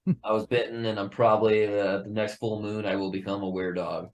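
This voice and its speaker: A man who plays in a metal band, a guest in a casual podcast interview, talking in an excitable, profane way and laughing often. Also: lowish voice, fairly quick.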